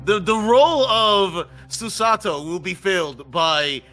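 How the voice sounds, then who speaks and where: A man's voice: sits high, animated, measured pace, pushed and bright, soft background music. A man chatting casually while playing, joking and stammering. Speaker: player. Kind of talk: casual chat.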